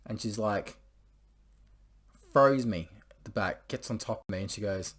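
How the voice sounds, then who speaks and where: A young man with a fairly low voice telling a personal story to camera. He rambles in a crude, offhand way, swearing freely and scattering filler words through every sentence. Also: measured pace, a bit bright, breathy edge. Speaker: vlogger. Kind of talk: casual storytelling monologue.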